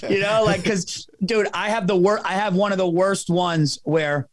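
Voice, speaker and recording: A man who is a comedian, hosting a podcast and telling a funny story in a casual, animated, self-mocking way, laughing and swearing as he goes. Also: high voice, moderate pace, a loud crowd. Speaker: comedian host.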